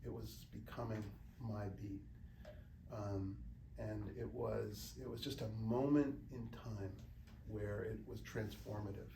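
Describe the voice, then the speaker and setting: A middle-aged American man tells lively anecdotes to a small student group and acts out the people he quotes. His voice is mellow with a gravelly rasp. The recording comes from a distant mic in a roomy space, with faint background noise. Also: on the low side, slow pace. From United States. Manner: animated anecdotal storytelling with acted quotes. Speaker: guest speaker, journalist. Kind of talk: storytelling talk to students.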